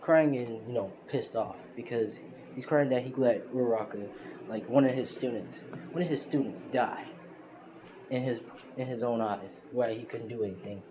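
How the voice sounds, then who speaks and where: A man's voice: medium pitch, moderate pace. A man casually retelling a fan-made story, rambling with lots of fillers and restarts. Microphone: phone screen recorder. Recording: noisy phone recording.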